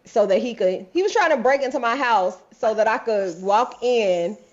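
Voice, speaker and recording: A woman co-hosting a podcast, telling lively, candid stories with frequent laughs in casual chat. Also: on the high side, normal speed. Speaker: podcast co-host. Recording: dull lo-fi podcast audio.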